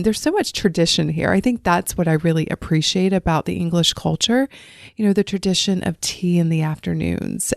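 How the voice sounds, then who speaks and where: Woman host for a solo podcast, chatty and upbeat, a slightly low voice, dry close sound. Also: creaky, a little mellow, dry recording. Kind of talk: casual solo podcast talk.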